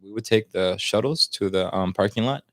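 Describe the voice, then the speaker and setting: A lowish, fairly bright voice at a moderate pace belongs to a man in his twenties, a U.S. podcast guest with Salvadoran roots. He relates a long story in casual, slangy chat, sprinkling in Spanish, with no room sound.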